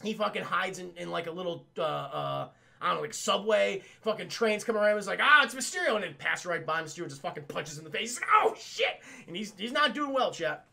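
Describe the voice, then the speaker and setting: A man recapping a cartoon episode for a live chat in a casual, profane, excitable way, laughing often. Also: high-pitched, a little fast, gravelly. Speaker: cartoon reviewer streaming to chat.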